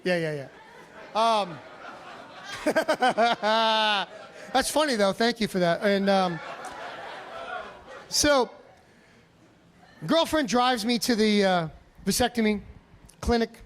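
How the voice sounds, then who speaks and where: A male stand-up comedian telling a story on a comedy club stage, animated, profane and self-mocking. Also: sits high, slow, pauses often, a little hiss or hum.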